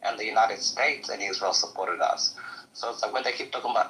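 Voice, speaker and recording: A man's voice: medium pitch, fast talker, a bit bright, poor audio. A man arguing bluntly and insistently as a debate panelist, swearing freely. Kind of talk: heated debate.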